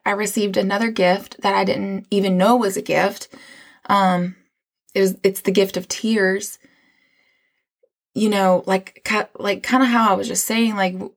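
A woman's voice: mid-range voice, creaky. A woman hosting a faith podcast, telling her own spiritual story in an earnest, rambling way with many restarts. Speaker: podcast host. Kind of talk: casual faith podcast testimony.

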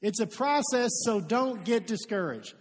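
A pastor from Kentucky preaching a sermon, telling stories and acting out the dialogue in them. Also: male voice, sits high, a little slow, long reverb tail. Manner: lively storytelling, acts out quoted dialogue.

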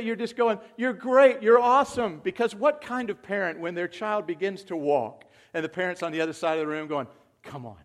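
A man preaching a sermon, moving from quiet, reflective talk to loud, excited calls to the congregation. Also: on the high side. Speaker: pastor.

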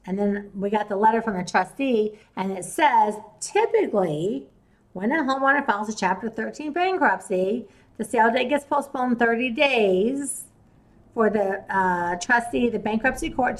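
In poor audio, a woman with a fairly high-pitched voice hosts a podcast, telling a story in a relaxed, chatty way. The real estate investor acts out the people she talked to, retelling their conversations in quoted voices.

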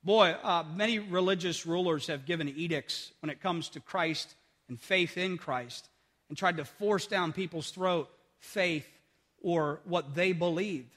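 Male preacher, sermon, high voice, repeats phrases for emphasis, loud-to-quiet swings, long hall reverb. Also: a little slow.

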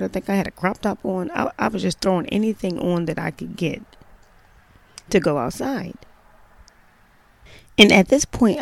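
A woman with a low, gravelly voice tells a personal story in a loose, chatty way. She leans on emphasis and sprinkles in plenty of "you know"s. The sound is dry and close, with no room around it. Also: a little mellow, dry recording. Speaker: mother telling a personal story.

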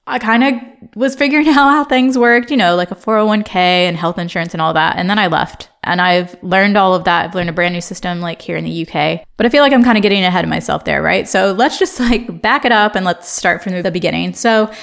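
A woman's voice: fairly low pitch, fast, vocal fry, hardly any pauses, fairly bright tone. A woman in her thirties from Ohio with an American accent, hosting a casual solo podcast in a chatty, filler-heavy way with frequent laughs. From Ohio, USA. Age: 30s. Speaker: podcast host.

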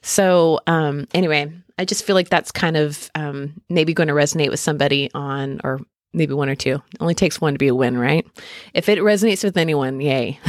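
A woman's voice: deep voice, no room sound, clean studio sound. A woman hosting a casual spiritual podcast, reading tarot cards in a chatty, self-deprecating way with frequent laughs and fillers. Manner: chatty and self-deprecating, laughs often, lots of ums and likes. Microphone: podcast mic.

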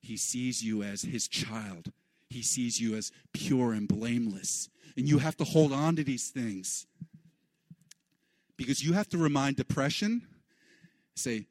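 A man preaching a sermon in an animated way, his voice leaping up high for the lines he quotes. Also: measured pace, no room sound. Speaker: pastor.

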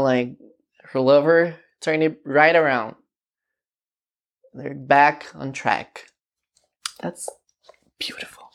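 A woman's voice: extremely low pitch, creaky. A woman hosting a casual song reaction vlog, chatty and gushing, with lots of fillers. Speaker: vlog host.

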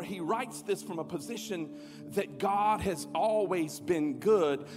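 A man preaching a sermon as pastor, calling on the crowd to respond and swelling to shouts. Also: high voice. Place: large church auditorium. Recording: long hall reverb with music behind.

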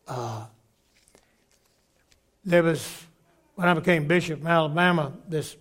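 An older man with a lilt preaches in a fairly high voice, taking his time. He tells his stories unhurriedly, stumbling over restarts and slipping into the voices of the people he quotes. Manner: storytelling, acting out quoted voices, halting restarts. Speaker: bishop preaching. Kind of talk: sermon.

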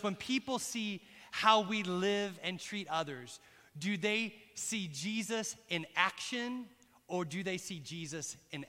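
A middle-aged man preaching a sermon in a church, telling a personal story with lively, direct asides to the congregation. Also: fairly high pitch. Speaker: pastor. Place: church hall. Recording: long reverb in a large hall.

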